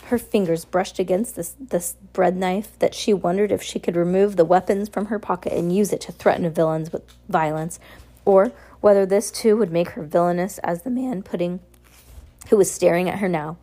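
Lady reading a book out loud, mellow voice, trips over words and fixes them. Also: fairly low pitch, moderate pace. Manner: casual, stumbles and self-corrects. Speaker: reader. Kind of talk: reading a novel aloud.

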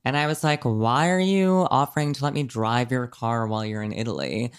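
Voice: medium pitch, lively intonation, brisk, clear, resonant tone. A young adult telling a long story in casual chat, rambling with many fillers and frequent swearing.

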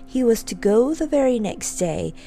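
A woman narrating a children's storybook in a gentle, expressive reading. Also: a little high, moderate pace, vocal fry, soft background music.

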